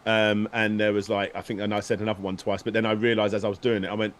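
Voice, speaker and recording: A man's voice: fairly low pitch, level tone, fast, few pauses. A man telling a story in a casual stream chat, rambling and restarting as he goes. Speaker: guest, video maker.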